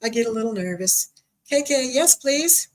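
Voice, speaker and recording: A woman hosting a live-streamed spiritual reading as a psychic medium, speaking softly and gently and drawing out her words. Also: fairly high pitch, lively intonation, normal speed, a little hiss or hum, rough recording.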